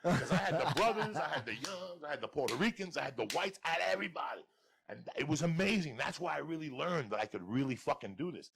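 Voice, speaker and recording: A gravelly, husky middle-aged man rattles off profane comic stories at a rapid clip. He swings from bursts of laughing shouts to low mutters. His voice is bright and tense, with a lively pitch. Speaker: podcast guest storyteller. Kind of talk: profane comedic storytelling.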